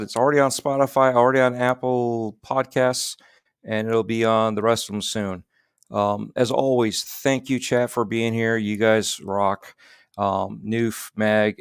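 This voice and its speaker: A man appearing as a podcast guest, relaxed and full of ums as he talks about his shows. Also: lowish voice, smooth, no room sound, studio quality. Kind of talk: casual chat.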